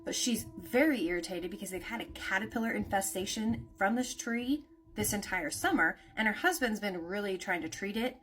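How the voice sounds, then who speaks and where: A woman's voice: medium pitch, lively intonation, normal speed, hardly any pauses, a bit bright, slight background noise. A woman telling a spooky story in a casual, conversational way, with lots of "like" and "naturally".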